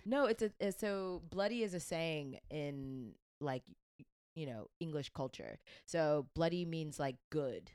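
A woman's voice: low-pitched, expressive, measured pace, a little mellow, clear, resonant tone, no echo, studio quality. A woman co-hosting a podcast, chatting casually and trailing off with fillers. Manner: chatty, many fillers and restarts. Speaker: podcast co-host. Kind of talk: casual chat.

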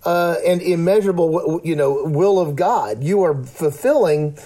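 A man talks through ideas in an earnest, rambling way, restarting often. His voice sits a little high but has a mellow, warm colour. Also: lively intonation, moderate pace. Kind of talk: casual theological discussion.

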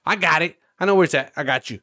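A man co-hosting a podcast, telling a long workplace-style story in casual chat. His delivery is animated and profane, and he jumps his voice up to play the people he quotes. The recording is dry and close. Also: a little high, fast, creaky, dry recording. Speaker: podcast co-host.

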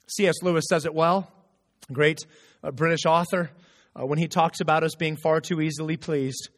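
A man preaching a sermon as a pastor, earnest and animated, often stammering into restarts as he reads and explains scripture. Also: fairly high pitch. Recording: long reverb of a large hall.

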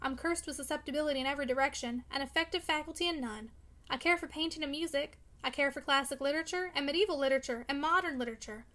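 A man's voice: extremely high pitch, fast, sharp tone, low-quality recording. A woman voicing a brooding, sensitive young man who argues vehemently in a storybook reading. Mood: wistful. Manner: vehement, pleading.

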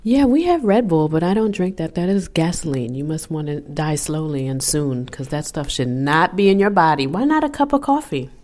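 American female podcast guest, lowish voice, blunt, playful. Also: expressive, moderate pace, hardly any pauses, darkish tone. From United States. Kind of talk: casual podcast chat.

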